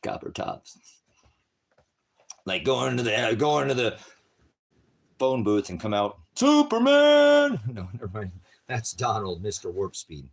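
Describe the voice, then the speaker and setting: A man preaching in a rambling, combative rant, swearing heavily, lurching from shouted bursts to low mutters. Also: expressive, a little slow, vocal fry, pauses often. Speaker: independent ministry preacher. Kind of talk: profane religious rant.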